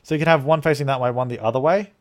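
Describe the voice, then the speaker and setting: A man's voice: mid-range voice, rapid-fire. A man from Australia streaming a game live, thinking aloud as he plays and thanking viewers for donations. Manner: rambling, thinking aloud while playing. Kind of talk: live gameplay commentary.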